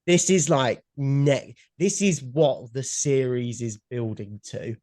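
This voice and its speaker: A young man co-hosting a podcast in casual chat, excitable and blunt, swearing freely. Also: mid-range voice, takes it slowly, no echo. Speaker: podcast co-host. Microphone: headphones and mic at home.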